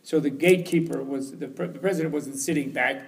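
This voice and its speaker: A man's voice: mid-range voice, a little fast, gravelly. A man giving an informal teaching talk at a retreat, rambling and chuckling as he tells stories. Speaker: lecturer. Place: retreat hall.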